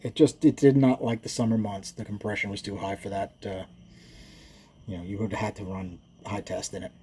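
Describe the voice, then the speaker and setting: A man's voice: lowish voice, steady tone, brisk, dark tone, husky. A man who builds engines, explaining his work in casual, rambling shop talk that wanders into stories, with frequent self-corrections and chuckles.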